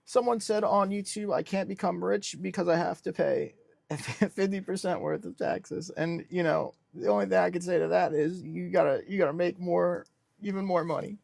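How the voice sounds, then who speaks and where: A young man hosting a casual livestream, reading comments with a deadpan businessman act. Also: high-pitched, normal speed, creaky, dry recording. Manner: deadpan self-styled businessman persona. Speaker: livestream host.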